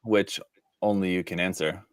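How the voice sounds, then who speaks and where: A man hosting a casual interview, relaxed, with frequent short backchannels. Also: sits low, normal speed, clear, resonant tone, dry recording, studio quality. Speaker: interview host.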